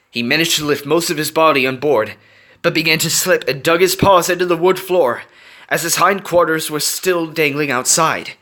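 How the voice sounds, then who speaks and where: A man reading fan fiction aloud in an expressive, storytelling way. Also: a little high, fairly quick. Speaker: reader.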